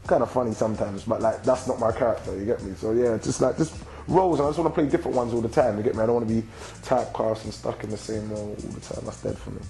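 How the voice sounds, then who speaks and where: A young man in his twenties with a London accent, a rapper and actor answering interview questions in a relaxed, slang-filled way and tagging sentences with "you get me". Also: fairly low pitch, fast, vocal fry, few pauses, soft background music, rough recording. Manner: slang-heavy, constant "you get me" tags.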